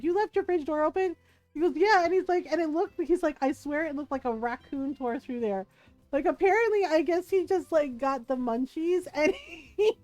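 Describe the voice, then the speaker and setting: A woman streamer chats to her viewers in a high, bright voice, giggling and acting out the people in her story. The close microphone sounds dry and intimate, and faint music plays underneath. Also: dry recording. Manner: animated, giggly, acts out quoted voices. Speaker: livestream gamer. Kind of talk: casual storytelling to chat.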